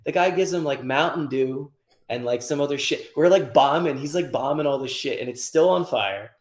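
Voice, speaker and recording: A man in a roomy, echoey space tells a rambling shop story with plenty of swearing and animated energy. His pitch sits in the middle for a man, and the delivery stays conversational. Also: moderate pace. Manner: profane, animated anecdote-telling. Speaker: guest, car tuner. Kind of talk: casual storytelling.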